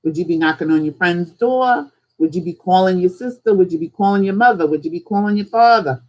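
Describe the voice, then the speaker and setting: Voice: medium pitch, a little fast, rough recording. A host teaching casually on a live stream, talking conversationally and firing off strings of rhetorical questions. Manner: acts out little examples in different voices. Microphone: streaming setup.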